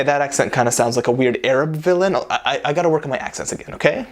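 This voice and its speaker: A man in a mid-range voice hosts a commentary vlog. He talks in a joking, animated way and drops chuckling asides. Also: medium pitch, fast, hardly any pauses, faint music behind. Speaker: vlog host.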